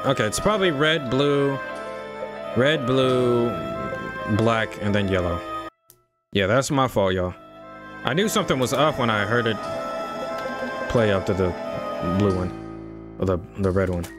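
A man casually commenting as he plays a game, talking to himself and reacting loudly. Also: medium pitch, unhurried, long pauses. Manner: talks to himself, hums melodies, jumpy reactions. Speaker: streamer playing a game. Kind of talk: casual let's-play commentary. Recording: game music playing behind.

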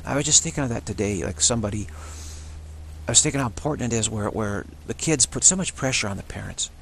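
Low gravelly man, rambling. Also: lively intonation, fast talker, a bit bright, a little hiss or hum. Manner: rambling, many restarts and repeated words; acts out short quoted voices of others. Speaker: spiritual channel host. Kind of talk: unscripted monologue.

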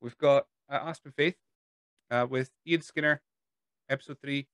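A Scottish man in the middle pitch range hosts a casual podcast. He rambles loosely and laughs often, and the recording is dry, with no room sound. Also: fairly even intonation, moderate pace, fairly bright tone, clear, resonant tone, no echo. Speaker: podcast host.

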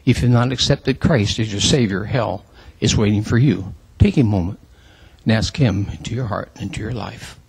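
A man reciting a dramatic religious poem in church, emotional and pleading, with a husky voice. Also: on the low side, moderate pace, a little mellow, a little hiss or hum. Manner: emotional, pleading, rising to cries.

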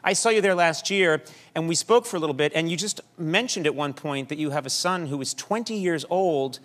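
A man hosting a talk show, interviewing a guest with quick jokes. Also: a little high, fairly bright tone. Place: television studio with audience.

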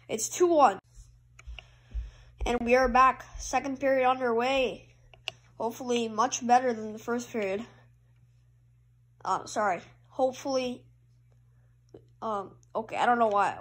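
A woman commentating her own hockey video game match, calling plays and cheering loudly at goals. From Canada. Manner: excitable play-by-play, jumps to loud high cheers at goals. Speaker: gamer.

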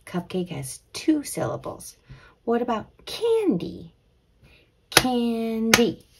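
A young woman teaching a children's letter lesson, gentle and drawn-out, sometimes dropping into a whisper. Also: lowish voice, expressive, heavy background noise. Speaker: kids' teacher.

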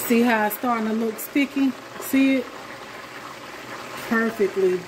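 In her echoey home kitchen, a woman vlogs while cooking, talking to viewers in a relaxed, folksy way. She speaks unhurriedly in a slightly high voice, and loud sizzling from the pan keeps the background noisy.

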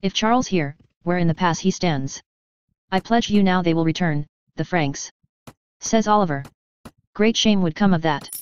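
A woman reading an epic poem aloud in a measured, steady recitation. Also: fairly low pitch, clear, resonant tone, no echo, dull audio. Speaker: reader.

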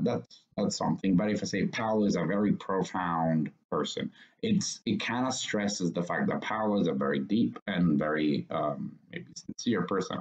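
Low-voiced man teaching online, dull audio. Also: a little mellow. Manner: casual, explanatory, many fillers and restarts. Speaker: public speaking trainer. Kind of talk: online training lecture. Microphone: video call.

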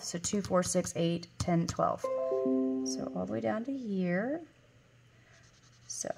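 Chatty woman in her forties, low voice. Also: a little hiss or hum. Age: 40s. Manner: chatty storyteller, rambling with fillers and self-corrections. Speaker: vlogger. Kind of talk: casual chat while counting cash.

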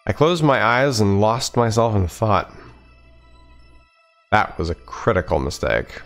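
Let's player, man, lowish voice, reads narration and chats, faint music under. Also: sing-song, measured pace, fairly bright tone. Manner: conversational, wry asides. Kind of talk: reading a visual novel aloud with commentary.

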